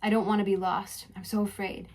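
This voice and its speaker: Young woman podcaster, soft and reflective, mid pitch, half poetic narration half casual chat. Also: flat delivery, a little fast. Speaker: podcast host.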